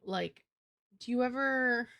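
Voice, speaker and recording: A woman's voice: a little high, slow pace, vocal fry, bright, forceful tone, no room sound, studio quality. A young adult woman live streamer chatting casually to her viewers, rambling and swearing, with lots of "like" fillers. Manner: rambling, profane, heavy use of "like".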